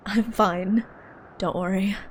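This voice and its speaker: A woman's voice: medium pitch, fairly even intonation, slow, a little hiss or hum, poor audio. A young woman streaming a game, chatting casually, giggly and rambling, sleepy and yawning. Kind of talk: casual gaming commentary.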